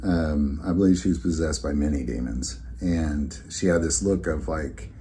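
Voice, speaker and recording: A man's voice: very deep voice, moderate pace, mellow, a little hiss or hum. A man hosting his own vlog, telling a story in a rambling, conversational way with many fillers and restarts. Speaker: channel host.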